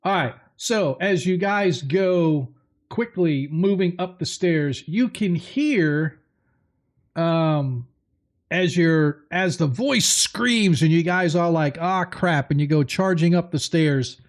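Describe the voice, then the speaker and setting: A man narrating a tabletop game as game master, halting and apologetic while he searches his notes. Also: fairly high pitch, animated.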